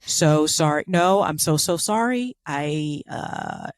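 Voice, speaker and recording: Low-voiced woman, podcast cohost, chatty and sarcastic, dry close sound. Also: lively intonation, slow pace, no echo. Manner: chatty, sarcastic asides, many fillers. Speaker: podcast co-host. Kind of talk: casual storytelling chat.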